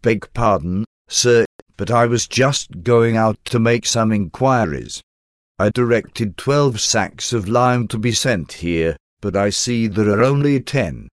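A man's voice: on the low side, slow, no room sound, studio quality. A man voicing a polite, apologetic builder's foreman in a storybook reading.

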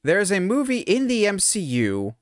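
A man co-hosting a podcast, his pitch swinging widely as he riffs and jokes. He talks in a casual chat, close to the mic in a dry, deadened space. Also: moderate pace, clear, resonant tone, no echo. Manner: animated, jokey, mimics others in quoted asides. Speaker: podcast co-host.

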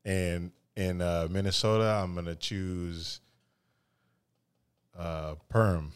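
A man chatting casually as a podcast co-host in a relaxed, offhand way, swearing now and then. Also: low-pitched, takes it slowly, clean tone, no room sound. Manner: laid-back, swears casually, lists places he has been. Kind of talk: casual chat.

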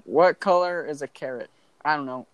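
A man's voice: fairly high pitch, normal speed, dry recording, low-quality recording. A young man co-hosting a casual podcast, teasing and asking questions. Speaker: podcast co-host. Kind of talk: casual chat.

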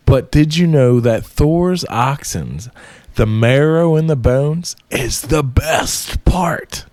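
Sly male trickster god, conspiratorial and coaxing, done by a man retelling a myth. Smooth, dry. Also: fairly high pitch, lively intonation, takes it slowly, darkish tone, no room sound.

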